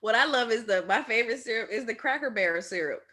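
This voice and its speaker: A woman guest on a casual podcast chat, expressive and blunt, laughing often. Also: fairly high pitch, fast talker.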